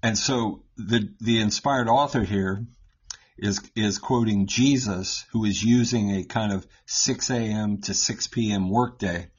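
Husky man teaching scripture, step by step. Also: lowish voice, unhurried, muffled recording. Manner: explains step by step, keeps asking "right?". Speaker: Catholic Bible teacher.

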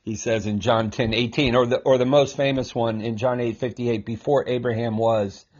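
A man with a husky, breathy edge to his voice, teaching scripture in an easy conversational way. He jumps into quoted lines with sudden lively energy and chuckles along as he goes. The recording sounds a little muffled and lo-fi. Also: medium pitch, moderate pace. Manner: animated, acts out quotes, chuckles often. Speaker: Bible teacher.

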